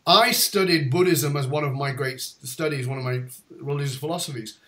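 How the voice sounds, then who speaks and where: A man hosting a podcast, telling a story with animated retold dialogue and frequent restarts. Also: on the high side, brisk. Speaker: podcast host. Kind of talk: storytelling in conversation.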